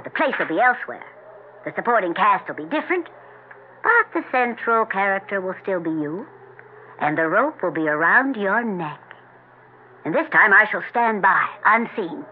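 An actor playing a stern, unseen judge of souls who speaks in a grave, measured way, in 1940s radio acting. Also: male voice, high-pitched, slight background noise. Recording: tinny old radio broadcast.

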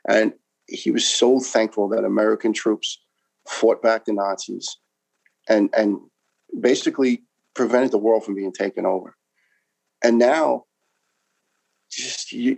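A man's voice: lowish voice, fairly even intonation, a little slow, creaky, pauses often, a little mellow, poor audio. A man in his fifties from New York, a retired firefighter telling his story in an interview with passion, emphasis and frequent restarts.

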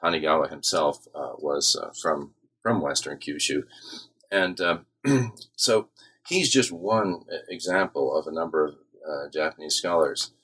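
A man with a very low, husky voice answers questions about his book in an academic interview. He speaks haltingly, with frequent fillers and self-corrections. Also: fairly bright tone. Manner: hesitant, many uh fillers and restarts. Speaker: author being interviewed.

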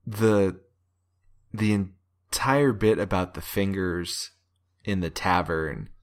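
A man co-hosting a casual film podcast, hesitant and measured, with many ums and pauses. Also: sits low. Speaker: podcast co-host.

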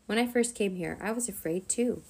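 Woman reading a gentle reassuring young boy. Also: medium pitch, a little fast, gravelly, breathy edge. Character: kind young boy dragon master, reassuring.

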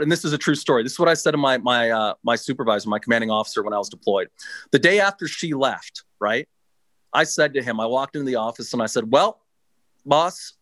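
A man's voice: mid-range voice, fairly bright tone, no echo. A middle-aged man casually telling a long personal story, swearing freely and restarting his sentences. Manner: laid-back, swears freely, halting restarts. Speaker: guest.

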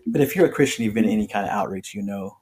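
A man's voice: on the low side, rapid-fire, darkish tone. A man on a podcast telling his personal faith testimony in an earnest, conversational way, full of restarts and voiced quotes. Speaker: podcast guest.

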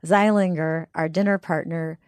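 A woman's voice: sits low, fairly even intonation, normal speed, a little mellow, smooth, no echo. A woman hosting a podcast who reacts with enthusiasm and introduces the next story. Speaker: podcast host. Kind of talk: podcast conversation.

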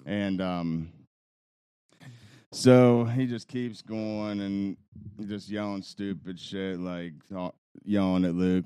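Young male podcast co-host, low smooth voice, dry close mic; loose, profane storyteller who laughs mid-sentence. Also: steady tone, slow pace, warm tone, no room sound. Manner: rambling, profane, laughs while telling a story. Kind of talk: casual storytelling chat.

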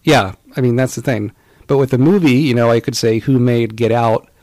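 A man's voice: mid-range voice, steady tone, normal speed, darkish tone, no room sound. A man co-hosting a casual podcast chat about retro video games, rambling along with lots of fillers and restarts. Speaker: podcast co-host.

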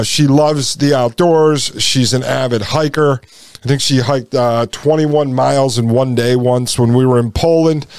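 A man in his forties hosts a podcast and tells a long personal story in a loose, chatty way, now and then calling his listeners "folks." His voice is smooth and resonant at a middle pitch. It sounds close and dry, with no room around it. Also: darkish tone, dry recording. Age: 40s. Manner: conversational, addresses listeners as folks. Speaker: podcast host.

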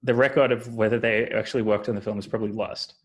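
Casting: knowledgeable man, slightly husky voice, explains trivia in casual chat. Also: lowish voice, steady tone, fast talker.

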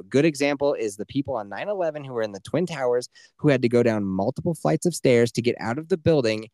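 A man co-hosting a casual podcast, telling long rambling stories with plenty of swearing and laughter at his own jokes. His voice sits at an ordinary middle pitch. It is recorded close and dry, with no room sound. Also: expressive, fast talker, few pauses, dark tone, no echo. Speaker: podcast co-host.

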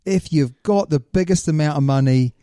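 Dark-voiced man on a podcast. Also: fairly high pitch, normal speed, dry recording, studio quality. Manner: explains at length, setting up questions. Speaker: podcast co-host. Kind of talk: casual chat.

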